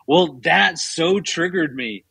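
Husky-voiced man telling a personal story. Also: fairly high pitch, takes it slowly, low-quality recording. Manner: repeats words while searching, lively when voicing his own thoughts. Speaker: guest.

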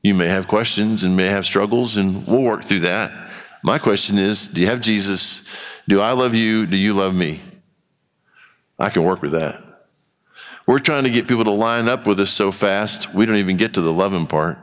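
In a church with a long reverb tail, a pastor preaches conversationally in a lowish, fairly bright voice at normal speed. He acts out quotes as he goes, and his intensity keeps rising.

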